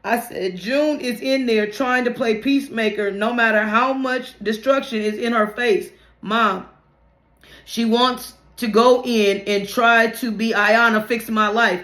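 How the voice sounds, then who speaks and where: A woman's voice: a little high, steady tone, unhurried, fairly bright tone. A woman reading her own memoir aloud in a plain conversational way, with some restarts and slips. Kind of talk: memoir narration, read aloud. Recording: roomy, echoey room.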